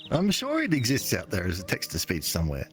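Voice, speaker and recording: A man's voice: deep voice, wildly swooping pitch, fast talker, faint music behind. A man chatting casually on a livestream, adding dry joking asides.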